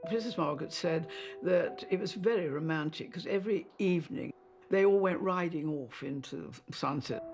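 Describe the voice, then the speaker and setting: A woman in her eighties, a former lady-in-waiting, recalling old memories in an interview with fond, halting storytelling. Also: fairly low pitch, a little mellow, soft background music. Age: 80s. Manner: hesitant, fond storytelling with fillers. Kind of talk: interview reminiscence.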